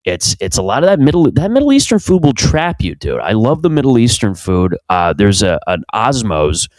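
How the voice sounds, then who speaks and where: A man's voice: lowish voice, wildly swooping pitch, moderate pace, a little mellow, no room sound. A young man hosting from his home basement, rambling crudely through a casual comedic monologue and interrupting himself often. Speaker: podcast host.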